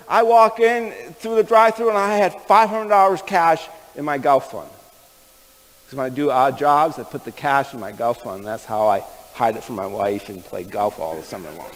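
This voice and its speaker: A man's voice: fairly high pitch, moderate pace, in a large hall, rough recording. A man preaching a sermon, telling stories in a folksy, conversational way and speaking directly to the men in the room. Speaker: pastor. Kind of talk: sermon storytelling.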